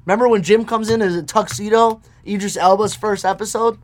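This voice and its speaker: Excitable young man, slightly high voice. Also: a little fast. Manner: animated, swearing, retells scenes in quoted voices. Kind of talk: casual chat.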